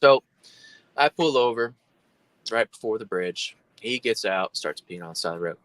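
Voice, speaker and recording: A man telling a story as a guest in a casual, animated way. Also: lowish voice, moderate pace, no room sound, rough recording.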